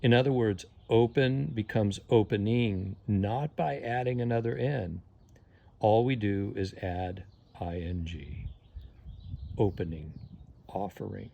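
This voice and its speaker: A man's voice: on the low side, takes it slowly, gravelly, dark tone. A man teaching English grammar, patiently spelling words out letter by letter and repeating each rule. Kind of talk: slow spelling-out lesson.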